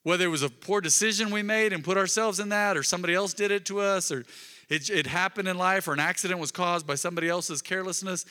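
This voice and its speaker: A male pastor preaching a sermon in a church, swinging from loud emphatic bursts to soft, intimate murmurs. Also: a little high. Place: church sanctuary. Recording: long reverb of a large hall.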